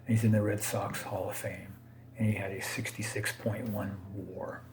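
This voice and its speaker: With background noise behind him, a man with a fairly low, level voice talks at a moderate pace about his card collection. This vlogger's unscripted commentary is casual, hesitant, and rambling, and he often corrects himself and laughs at his own slips.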